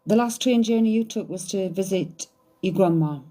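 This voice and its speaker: A woman's voice: medium pitch, moderate pace, warm tone. A woman doing a psychic reading, thinking aloud in a hesitant, searching way. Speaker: psychic medium. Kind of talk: live medium reading.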